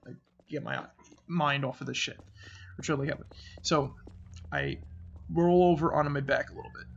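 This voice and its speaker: Gravelly-voiced man telling a spooky story. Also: mid-range voice, fairly bright tone, dull audio, slight background noise. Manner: rambling, halting, frequent "like" and restarts; uneasy, drops to a murmur when voicing his own fearful thoughts. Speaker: channel host. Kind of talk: casual storytelling.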